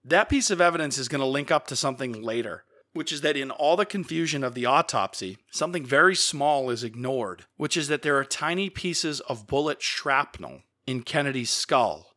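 A man's voice: medium pitch, normal speed, few pauses, pushed and bright. A man from the Boston area hosting a podcast, explaining events step by step in a conversational storytelling style and briefly acting out quotes.

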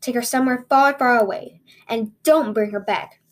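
A woman's voice: on the high side, normal speed, natural voice. A woman voicing a cold-hearted stepmother who hisses scornful, cruel orders. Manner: hissing, scornful.

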